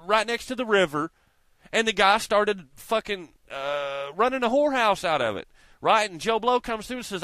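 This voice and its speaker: A man with a high, swooping voice rants straight into the mic, swearing at every turn and hammering the same points again and again. The sound is close and dry, with no room around it. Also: pushed and bright, dry recording. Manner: emphatic, swears constantly, repeats himself. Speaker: video blogger. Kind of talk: profane ranting monologue.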